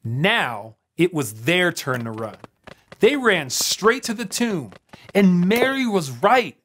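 A man tells a scripted Bible story for children with dramatic pauses. His pitch moves in lively ups and downs. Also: a little hiss or hum. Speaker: storyteller on a kids' show.

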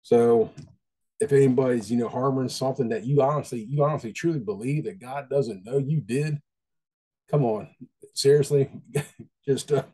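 A man gives a laid-back devotional talk at a moderate pace, pausing often, his mellow voice slightly rough. His style is folksy and conversational, circling back over his points, and his pitch is ordinary and middle-range.

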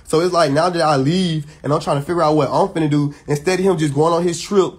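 A man's voice: fairly high pitch, steady tone, fast talker, husky. A man, venting heatedly and emphatically to his viewers, swearing and restarting often. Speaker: social media personality. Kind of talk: venting straight to camera.

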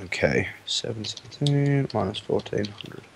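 A man chatting casually while playing a game with a friend, playful and quick to laugh. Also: on the low side, expressive, gravelly, a little hiss or hum. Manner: playful, laughs a lot, jokey banter. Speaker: gaming co-host. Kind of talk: casual gaming chat.

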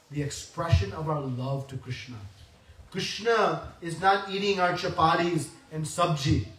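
Animated man telling a sacred story. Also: high voice. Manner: animated, acts out voices, laughs often. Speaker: preacher. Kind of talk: devotional storytelling lecture. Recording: echoey room heard from a distance.

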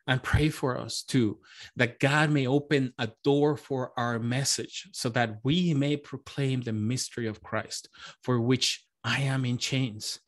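A man preaching a sermon as pastor, earnest and emotional, often repeating his phrases. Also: mid-range voice.

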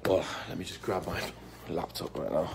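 A magician hosting a live stream, reading viewer comments aloud in casual, upbeat chat and hyping the audience, with lots of "um" and "like.". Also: male voice, sits low, steady tone, moderate pace, creaky, heavy background noise. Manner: upbeat, hypes viewers, many fillers like "um" and "like". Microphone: phone or laptop live stream.

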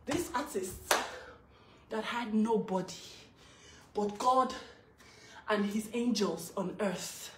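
A Nigerian mother speaks to her followers in an emotional live-video testimony, her high voice animated but unhurried. She chants repeated exclamations mixed with laughter, and the recording sounds roomy, distant from the mic, with faint hiss.

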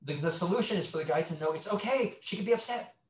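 A middle-aged man speaks as a guest sex therapist, his voice on the higher side and swinging widely as he acts out little scenes. He restarts often and tells things like stories. The sound is roomy, with echo around him. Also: fast talker. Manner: animated storyteller, acts out quotes, many restarts. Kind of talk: conversational interview.

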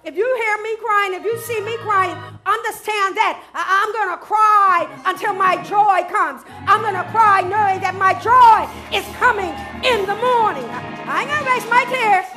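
A middle-aged woman pastor preaching a sermon in church, building to shouts and drawing call-and-response from the congregation. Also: very high voice, moderate pace, few pauses, soft background music.

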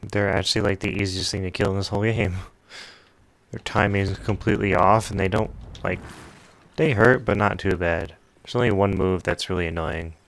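A man's voice: sits low, fairly even intonation, fairly quick, a little hiss or hum. A man streaming a game, giving laid-back, joking commentary and mocking the characters. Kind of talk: casual gaming commentary.

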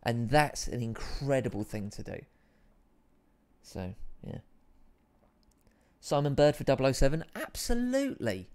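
A man's voice: mid-range voice, measured pace, long pauses, darkish tone, clear, resonant tone. A man hosting a live stream, chatting casually with viewers and reading out their comments, with a rambling, self-deprecating manner.

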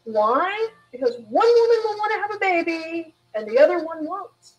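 A woman's voice: extremely high pitch, sing-song, moderate pace, muffled recording. A woman author in a live interview, telling candid stories in a rambling way with frequent restarts. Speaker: author guest.

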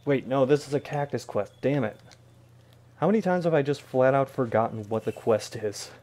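A man in the middle range of pitch talks his way through a video game stream. He mutters to himself with a wry edge and drops joking asides as he plays. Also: expressive, normal speed, a little mellow. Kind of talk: casual gameplay commentary.

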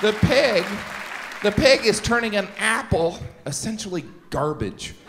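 Middle-aged male comedian, lively pitch. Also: crowd noise. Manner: quick shifts into silly character voices. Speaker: stand-up comedian. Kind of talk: stand-up comedy. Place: stage before a laughing audience. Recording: live show with audience noise.

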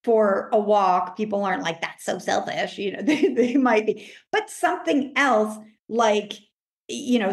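A woman life coach talking in a casual interview, animated, acting out her own self-talk in a higher voice. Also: reverberant. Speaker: life coach, podcast guest.

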